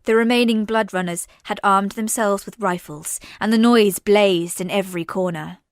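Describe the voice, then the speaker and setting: A woman narrating a science-fiction audio drama in a measured, unhurried voice. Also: medium pitch, no room sound, clean studio sound.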